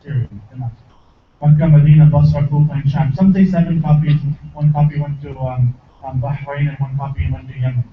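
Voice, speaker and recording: A man's voice: a little high, a little fast, distant mic, phone-quality sound. Man, mosque lecturer, engages audience with questions, echoey hall, faint noise. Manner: lively, asks the audience questions. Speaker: shaykh giving a lecture.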